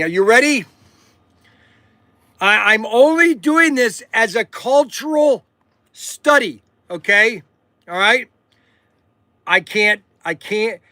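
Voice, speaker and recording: Hosting a casual livestream, a man with a high, bright voice rambles, loops back over himself, says "okay" a lot, and keeps checking in with viewers. The sound is dry and close, with no echo or room around it.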